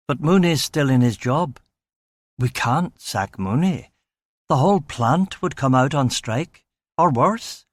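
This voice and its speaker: A man reading an audiobook, voicing a cautious middle-aged factory manager who explains things in a measured, guarded way. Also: medium pitch, no room sound, close to an everyday voice.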